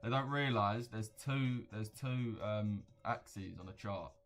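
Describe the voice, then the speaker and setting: Low-voiced man trading live. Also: takes it slowly. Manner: slangy, chatty, addresses viewers directly. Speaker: livestream trader. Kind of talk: casual live trading commentary.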